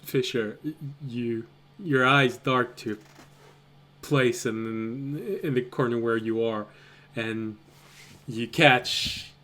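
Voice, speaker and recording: Slow-talking, laughing game master man. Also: medium pitch. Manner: laughs often, chatty and relaxed. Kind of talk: narrating a tabletop game.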